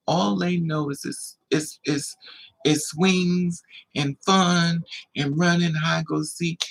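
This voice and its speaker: Gravelly-voiced man telling a story. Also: a little high, rough recording. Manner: animated, acts out quoted voices. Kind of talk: casual storytelling monologue.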